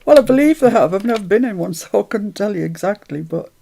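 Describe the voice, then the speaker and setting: A woman talks through her crafting on a live stream in a chatty, self-mocking way. Her voice has a gravelly, creaky edge and a dark, mellow tone. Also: mid-range voice, animated, fast talker, slight background noise.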